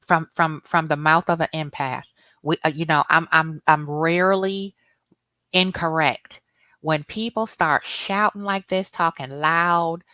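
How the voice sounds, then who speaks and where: A woman's voice: fairly low pitch, steady tone, takes it slowly, sharp tone, dry recording. A woman hosting a commentary rant, blunt and profane as she reacts to clips. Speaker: commentary host.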